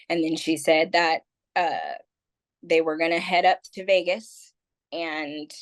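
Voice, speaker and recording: A woman guest on a podcast, telling a personal story in candid, rambling conversation full of "like" and "um". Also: fairly low pitch.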